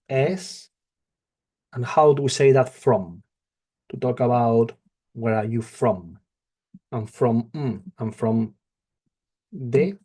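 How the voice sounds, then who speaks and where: A man teaching a Spanish lesson, slow and patient, repeating each phrase. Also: mid-range voice, warm tone, slightly rough. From not from England. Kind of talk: slow spoken language lesson.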